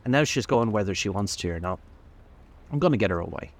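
A man reading the part of a weary, sick, middle-aged garage owner in a flat, worn-out way. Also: lowish voice, fast.

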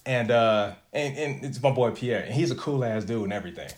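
A man's voice: medium pitch, brisk. A man telling a story in a casual chat, laid-back and slangy, with plenty of cursing.

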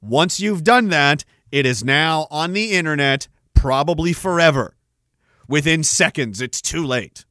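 A man's voice: on the high side, animated, unhurried, bright, forceful tone, no echo, clean studio sound. A man in his thirties hosting a solo podcast, ranting in a rambling, profane, self-mocking way. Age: 30s. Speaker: podcast host.

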